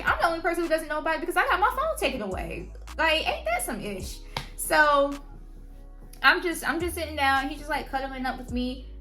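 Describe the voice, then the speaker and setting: A young adult woman telling a personal story on her channel, in a slangy, animated way. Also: a little high. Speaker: vlogger. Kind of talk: casual storytime.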